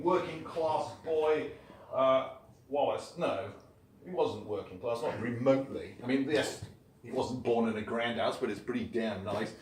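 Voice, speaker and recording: A man giving a public lecture on the history of science, a lively storyteller who drops wry asides. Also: mid-range voice, a little hiss or hum. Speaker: guest lecturer. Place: lecture hall. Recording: echoey hall from far off, faint ambience.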